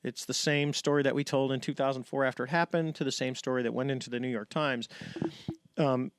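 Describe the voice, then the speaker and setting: A middle-aged American man telling stories as a podcast guest, animated and acting out the people he quotes. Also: medium pitch, brisk, smooth, no room sound, clean studio sound. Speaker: podcast guest, retired navy pilot. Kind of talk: casual storytelling.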